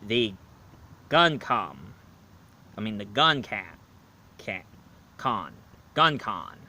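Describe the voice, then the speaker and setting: A man playing Dracula, a male vampire who is tired of killing, giving a slow, rambling video game review in character. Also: on the low side, big pitch swings, bright, forceful tone, full character voice. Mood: weary. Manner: slow, rambling, self-correcting.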